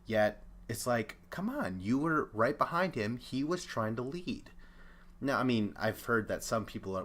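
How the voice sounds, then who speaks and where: A young man hosting a podcast, giving a chatty, opinionated recap and acting out the quotes. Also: low-pitched. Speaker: podcast host. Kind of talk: casual recap commentary.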